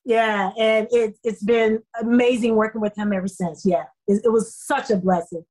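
A middle-aged woman, an actress guest on an interview podcast, telling her story in a lively way and acting out the dialogue. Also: on the high side, moderate pace. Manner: animated, acts out quoted dialogue.

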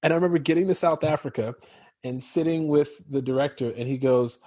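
Laughing, husky-voiced American man. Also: a little high, brisk, mellow, no echo, clean studio sound. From Chicago. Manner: loose, rambling, laughs often. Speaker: guest actor. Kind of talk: casual podcast chat.

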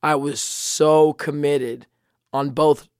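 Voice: mid-range voice, little pitch movement, slow pace, clean tone, no echo. Goofy podcast cohost, cracks jokes, laughs a ton, swears, mid voice, dry close mic. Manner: jokey, laughs a lot, swears casually. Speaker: podcast co-host. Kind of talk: casual podcast chat.

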